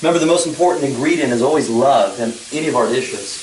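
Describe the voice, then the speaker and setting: A man's voice: medium pitch, fast, darkish tone, slight background noise. A man co-hosting a home cooking show, playful and punning, tossing in jokes and little rhymes. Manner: playful, punning, sings snatches. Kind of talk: joking banter. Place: home kitchen. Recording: roomy kitchen, mic at a distance.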